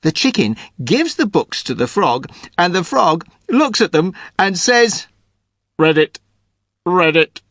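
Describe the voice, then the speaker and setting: A man's voice: sits high, sing-song, a little slow, few pauses, a bit bright, breathy edge, no echo, studio quality. A man telling a silly scripted joke, hesitant at first and chuckling at his own lines. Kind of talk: scripted comic storytelling.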